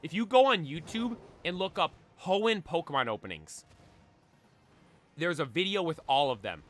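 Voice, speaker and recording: A young man streaming casually, chatting excitedly and belting out theme songs. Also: on the high side, moderate pace. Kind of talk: casual chat while shiny hunting.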